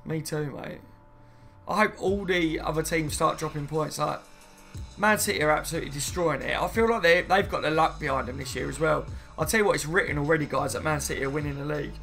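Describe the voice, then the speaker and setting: A man's voice: on the high side, quick pace, vocal fry, fairly bright tone, faint music behind. A man hosting a casual live stream, chatting loosely and reading viewers' comments aloud before answering them. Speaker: fan channel host.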